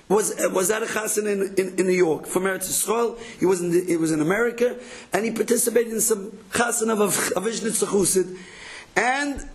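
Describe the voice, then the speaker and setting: Male speaker with a high voice. Lively storyteller at an inspirational Torah talk who acts out his quotes. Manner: animated, acts out quoted voices, repeats words.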